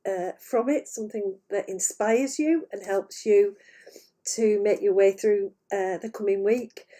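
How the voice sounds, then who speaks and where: A woman's voice: medium pitch, measured pace, mellow. A woman hosting a live stream as an intuitive medium, talking freely to camera from a room full of her paintings, with many "uh"s and frequent laughter. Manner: chatty and meandering, many "uh"s, easily breaks into laughter. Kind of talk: unscripted spiritual talk to camera.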